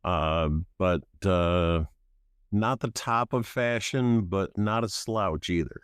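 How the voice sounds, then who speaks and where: A man describing his character at a tabletop game. His voice is very deep, and he speaks slowly, with lots of uhs and ums. The sound is dry and close. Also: clean tone, dry recording. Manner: hesitant, many fillers. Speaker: player.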